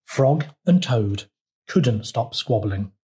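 A man's voice: mid-range voice, lively intonation, slow pace. Man reading a picture book to children. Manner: gentle, pointing things out to children. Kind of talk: children's storytime read-aloud.

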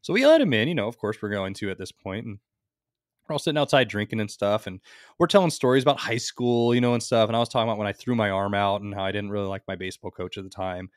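Low-ish guy on a podcast telling long rambly stories, super dry mic. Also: quick pace, no echo. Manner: rambling, animated anecdotes with acted-out quotes. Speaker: podcast co-host. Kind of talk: casual storytelling chat.

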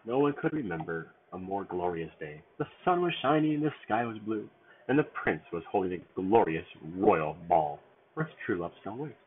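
A man's voice: low voice, sing-song, normal speed, a little hiss or hum. A man reading a storybook aloud at bedtime in a sing-song read-aloud manner, with small stumbles, over a tinny phone-like line.

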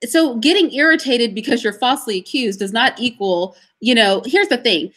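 Guest voice: a woman with a slightly high pitch who tells stories with animated emphasis. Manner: emphatic, animated storytelling with pauses. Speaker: interview guest. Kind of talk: livestream interview answers.

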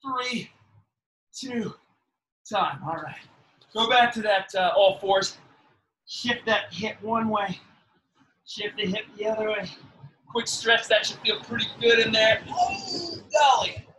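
A male fitness instructor coaches a live workout class, exercising along and slightly out of breath as he counts down reps with upbeat, encouraging cues. His high-pitched voice sounds pushed and bright, and he takes it slowly with frequent pauses. There's slight background noise.

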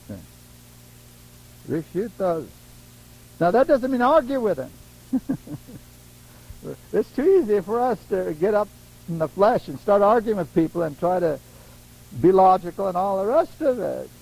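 A man preaching a sermon in a lively way, laughing often and acting out the voices of people he quotes. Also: high voice, measured pace, low-quality recording.

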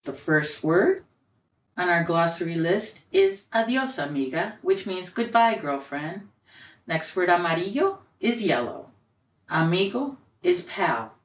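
A woman reading a children's picture book aloud in a gentle, expressive storytelling way, lifting her voice for the quoted lines. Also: fairly low pitch, unhurried. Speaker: storybook reader and educator. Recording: roomy echo, voice a bit far from mic.

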